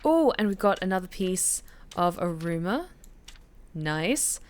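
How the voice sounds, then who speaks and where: A woman's voice: lowish voice, takes it slowly. Chatty Australian woman streamer. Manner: excitable, chatty, swears casually. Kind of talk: casual gameplay commentary.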